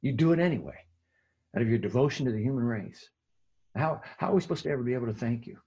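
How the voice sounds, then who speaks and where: Man preaching a sermon, husky voice, dull lo-fi sound, conversational, emphatic then hushed. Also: medium pitch, expressive, quick pace. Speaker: pastor.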